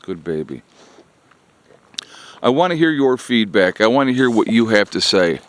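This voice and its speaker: A man's voice: medium pitch, animated, brisk, dry recording. A man giving a blunt, exasperated political rant to his viewers, repeating his points and calling them "folks". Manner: exasperated, repetitive, keeps addressing "folks". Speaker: political commentary vlogger.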